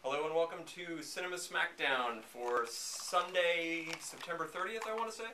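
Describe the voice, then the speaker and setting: A man's voice: fairly high pitch, animated, moderate pace, bright, forceful tone, recorded from a distance. A man hosting a casual, snarky chat about movies, rambling with many fillers. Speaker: podcast host. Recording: echoey room, off-mic, faint noise.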